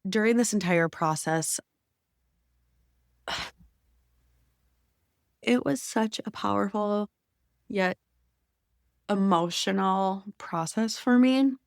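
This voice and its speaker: Young woman podcast host, gravelly low voice, dry close sound, confessional and emotional. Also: slow, pauses often, dry recording. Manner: emotional, intimate, drops to whispers at times. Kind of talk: personal storytelling.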